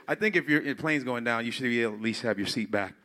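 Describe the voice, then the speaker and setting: A man doing a stand-up comedy routine, animated and profane, shouting and laughing in bursts and slipping into high squealing impressions. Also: fast. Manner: slips into high-pitched impressions.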